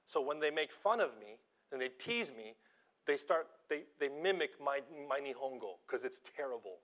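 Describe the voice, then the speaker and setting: A man preaching an informal sermon, telling stories from his teaching job in an animated, self-deprecating way, dropping to quiet asides and rising to loud emphasis. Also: medium pitch, moderate pace. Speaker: preacher and schoolteacher.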